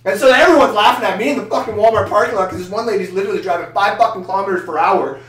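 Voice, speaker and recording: A man co-hosting a casual podcast, ranting loudly and swearing constantly in an echoey room. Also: high-pitched, racing, far from the mic. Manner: loud, swearing, excitable rants. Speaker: podcast co-host. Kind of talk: casual profane ranting chat. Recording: echoey room, off-mic, faint noise.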